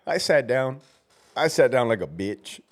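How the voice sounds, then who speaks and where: Profane, lively ex-prison-guard storyteller. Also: male voice, mid-range voice, slow pace. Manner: profane, blunt, laughs at himself, acts out shouted commands. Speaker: former prison officer telling stories. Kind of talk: casual storytelling monologue.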